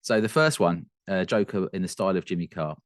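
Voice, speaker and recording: A man co-hosting a casual whisky podcast, chatty and quick to laugh, often restarting his sentences. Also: sits low, lively intonation, no room sound, studio quality. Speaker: podcast co-host.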